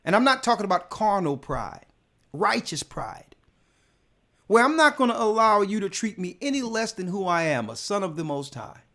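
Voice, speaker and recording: A man's voice: high-pitched, very animated, normal speed, pushed and bright. A man, a church elder, telling a personal testimony in casual speech, emphatic and often repeating words as he builds his point.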